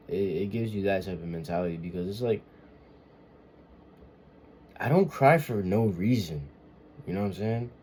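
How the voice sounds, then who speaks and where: A man's voice: low-pitched, mellow, a little hiss or hum. A man talking in a casual confessional monologue, rambling and emotional, often swearing and searching for words. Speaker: vlogger.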